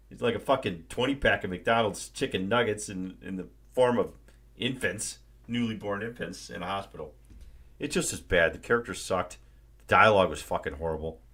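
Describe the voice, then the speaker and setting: A man's voice: medium pitch, sing-song, normal speed, long pauses, a bit bright. A man hosting a live stream, ranting casually and profanely about a movie. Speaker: livestream host.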